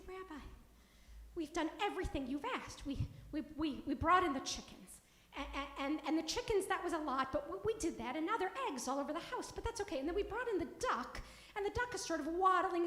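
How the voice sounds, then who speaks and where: Animated high-voiced woman telling a story. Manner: animated, doing animal noises and character voices. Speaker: storyteller at a service. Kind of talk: children's story told aloud. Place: synagogue sanctuary. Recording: echoey hall.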